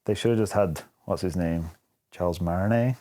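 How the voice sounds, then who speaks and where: A man's voice: low-pitched, normal speed. A man from the United Kingdom co-hosting a casual film podcast, joking and laughing often. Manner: laughs often, animated, jokey asides. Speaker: podcast co-host.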